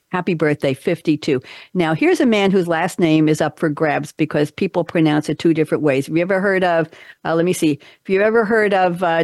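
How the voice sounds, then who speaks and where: A woman hosting a talk show in casual chat, upbeat and chatty, reading out trivia with quick asides. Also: on the low side, dry recording, studio quality.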